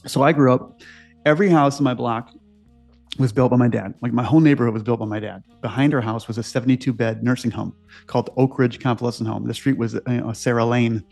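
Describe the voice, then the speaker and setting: A man's voice: medium pitch, quick pace, creaky, no echo, soft background music. Guy in his 60s telling stories in an interview, kinda rambly, lots of "right?", medium voice. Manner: animated, digressive, many "like" and "right?" asides. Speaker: inventor being interviewed. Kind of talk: rambling conversational storytelling.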